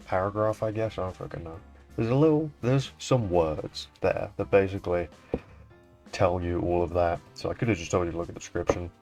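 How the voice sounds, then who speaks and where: A man's voice: sits low, a little fast, darkish tone, soft background music. A young man hosting a fan art showcase in casual, rambling commentary, swearing now and then. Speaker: showcase host.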